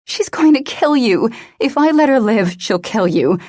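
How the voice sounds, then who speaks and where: A woman's voice: on the high side, expressive, a little slow, darkish tone, no echo, studio quality, pitched above the performer's own voice. A woman narrator voicing a desperate, wounded male agent who pleads urgently. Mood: pleading.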